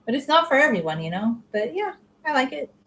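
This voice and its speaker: A woman's voice: sits high, very animated, fairly quick, a bit bright, a little hiss or hum, poor audio. A young adult woman chatting casually to camera as a vlogger, opinionated and full of "like" fillers.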